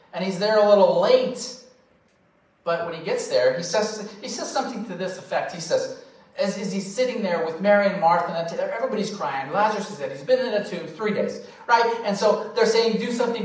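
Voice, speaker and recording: A male pastor preaching a sermon, swinging from loud emphasis to quiet, drawn-out phrases. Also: high-pitched. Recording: very echoey hall, voice from far off.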